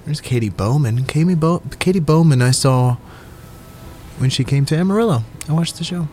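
A man's voice: fairly high pitch, lively intonation, moderate pace, dark tone, slight background noise. A young man, talking alone in a small home studio in a rambling, profane, self-mocking monologue that he keeps laughing at. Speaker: solo podcaster.

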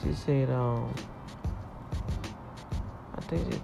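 A middle-aged woman speaks straight to her viewers in a personal faith vlog, chatty and emotional. Her voice has a gravelly edge. Praise music plays clearly underneath her. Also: very deep voice, measured pace. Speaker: vlogger.

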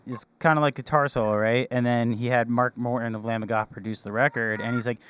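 Smooth-voiced young podcast host. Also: male voice, medium pitch, steady tone, a little fast, a bit bright. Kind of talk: casual interview chat.

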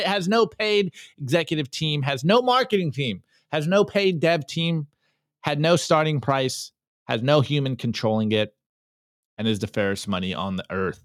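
A man hosting a solo podcast, reading memes aloud and rallying listeners, swinging from fired-up calls to low, earnest asides. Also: very animated, normal speed, fairly bright tone, no echo, clean studio sound. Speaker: podcast host.

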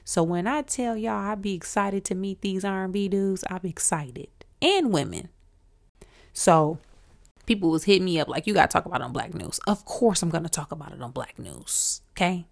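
A woman in her forties from Michigan hosting a podcast, telling stories in an animated, excitable way. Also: lowish voice, moderate pace, creaky. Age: 40s. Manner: animated, excitable, with bursts of emphasis. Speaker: podcast host. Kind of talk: casual storytelling.

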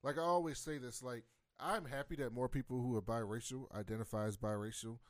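A man's voice: medium pitch, fairly quick, no echo, clean studio sound. A man making his point emphatically in a casual podcast chat. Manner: emphatic, animated argumentative.

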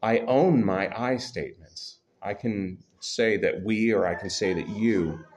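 A man preaching a sermon to his church congregation, talking in a relaxed, conversational way with self-deprecating humor. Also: lowish voice, measured pace. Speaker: pastor.

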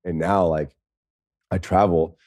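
An American man in his thirties, a podcast guest, telling stories in a casual, lively way, swearing now and then. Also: low voice, slow pace, dry recording. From United States. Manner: lively, swears, acts out quoted speech. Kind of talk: casual storytelling.

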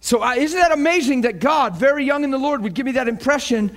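A man delivers a sermon in a fairly high voice. He preaches with passion, rising toward near shouts, and plays out his own inner resolve in dialogue. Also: expressive, fast. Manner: impassioned, climbing to near shouts.

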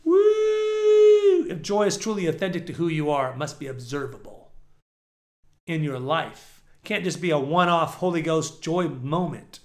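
A middle-aged man preaching a sermon, animated, swinging between shouts and low murmurs. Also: moderate pace.

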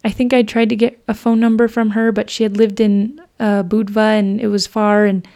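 A woman's voice: mid-range voice, level tone, normal speed, a little mellow. A young woman hosting a podcast, telling a personal faith story in an earnest, chatty way with frequent fillers and restarts. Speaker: podcast host.

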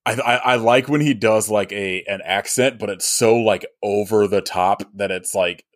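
Deep-voiced man, podcast co-host, rambling, lots of fillers. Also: moderate pace. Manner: rambling, many fillers, laughs often. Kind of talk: casual movie review chat.

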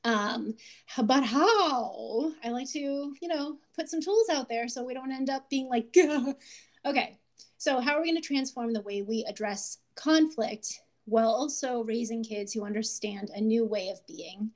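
A woman podcast host in her thirties talking casually, animated and laughing often as she acts out quotes. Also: a little high, moderate pace.

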